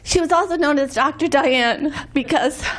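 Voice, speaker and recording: A middle-aged woman, a former classroom teacher, giving a measured tribute at a memorial. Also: sits high.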